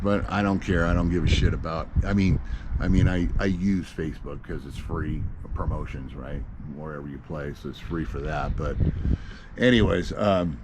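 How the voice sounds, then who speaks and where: A low-voiced middle-aged American man rambles through a casual gear update, restarting sentences, dropping fillers and swearing now and then. He sounds like he's filming himself indoors with a handheld camera. A clear hiss of background noise runs under everything. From USA. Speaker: solo gigging musician. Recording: noisy home video recording.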